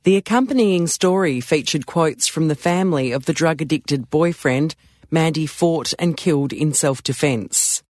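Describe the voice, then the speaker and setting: Male audiobook narrator, measured and even, slightly high voice, dry booth sound. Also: no echo.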